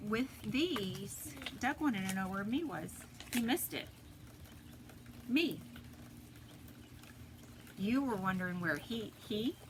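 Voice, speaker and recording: A woman teaching a phonics lesson to preschoolers, sounding out letters slowly and deliberately, recorded at home. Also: mid-range voice, lively intonation. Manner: slow, deliberate, sounds out letters for little kids. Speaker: pre-K teacher. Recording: noisy home video recording.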